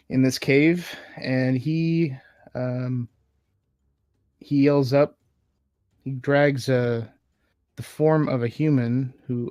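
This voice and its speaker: A man's voice: mid-range voice, a little mellow, no room sound. A man narrating a tabletop game as game master, hesitant and full of filler words.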